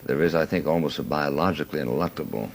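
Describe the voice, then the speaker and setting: Very deep, gravelly man drawling in debate. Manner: drawling, hesitant, pauses with "uh". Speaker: debate host. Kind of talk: archival televised debate.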